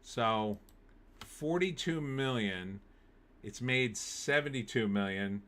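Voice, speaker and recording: A man's voice: fairly low pitch, slow pace, a bit bright, clean tone. A man hosting a show alone, chatting casually and giving opinions as he reads live chat and thinks aloud with fillers. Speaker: show host. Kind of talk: casual solo commentary reading live chat.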